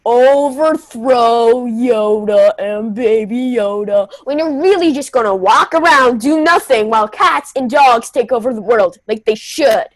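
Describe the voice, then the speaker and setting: A woman's voice: a little high, lively intonation, normal speed, hardly any pauses, no room sound, low-quality recording. A young teen girl improvising a comedy scene on a video call, scolding with exasperated indignation. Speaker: improv camp performer.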